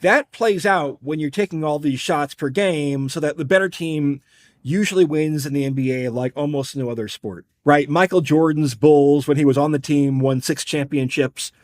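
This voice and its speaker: A man with a somewhat raised pitch talks through betting odds and team records in an analytical, wry podcast manner. He moves from number to number with a conversational, explanatory flow. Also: moderate pace, darkish tone. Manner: wry, explanatory, numbers-heavy, drops casual profanity. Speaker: podcast co-host.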